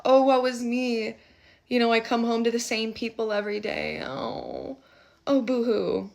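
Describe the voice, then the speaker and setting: A woman's voice: a little high, very animated, unhurried, creaky, a little mellow, voice pushed up, heavily acted. Woman mocking a whiny, spoiled complainer. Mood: mock self-pity. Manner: mocking, sing-song complaining. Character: whiny bored well-off person, self-pitying.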